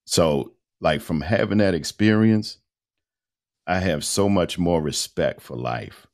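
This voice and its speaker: A man in his fifties, a radio host and voice-over artist, telling his story in a casual, animated interview with colloquial phrasing. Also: low-pitched, slow pace. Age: 50s.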